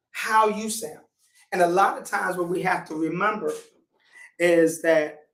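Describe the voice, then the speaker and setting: A man leads a church lesson, slow and deliberate, circling back to drive each point home. His voice sits high for a man. He is heard from a distance in an echoing room. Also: a bit bright. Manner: deliberate, repeats key points for emphasis. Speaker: church teacher. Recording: roomy echo, distant from the mic.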